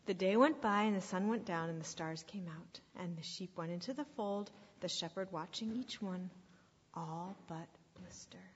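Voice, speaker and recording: A woman reading a story aloud to children at church, expressive and sometimes dropping to a hushed whisper. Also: fairly low pitch, a little hiss or hum. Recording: echoey hall, dull lo-fi sound.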